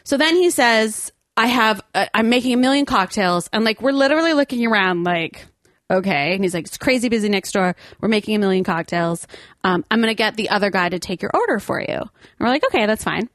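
A woman telling a story in a casual chat, animated and laughing often. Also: mid-range voice, brisk, no echo, clean studio sound.

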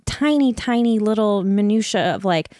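A woman's voice: mid-range voice, lively intonation, normal speed, warm tone, dry recording, studio quality. A woman co-hosting a podcast in casual chat, talking chattily with frequent giggles. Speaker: podcast co-host.

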